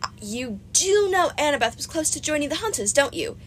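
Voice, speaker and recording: A woman's voice: high-pitched, very animated, brisk, slight background noise, pitched above the performer's own voice. A woman voicing a vain, gushing goddess of love in an audiobook reading, in a dramatic, doting manner. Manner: breathy, swooning, dramatic and doting.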